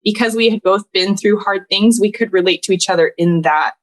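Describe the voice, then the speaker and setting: A woman's voice: medium pitch, fairly quick. A woman in her thirties, a podcast guest, telling an emotional personal story with earnest, heartfelt feeling, often close to tears and laughing through it.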